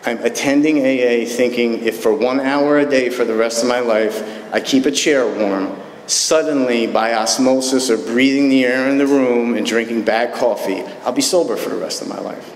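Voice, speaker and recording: A man's voice: medium pitch, moderate pace. Candid man telling his story in an echoey hall. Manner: candid, self-deprecating, joking storyteller. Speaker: recovery meeting speaker. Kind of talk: personal recovery story told to a live group. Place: meeting hall. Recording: echoey hall recording with faint room noise.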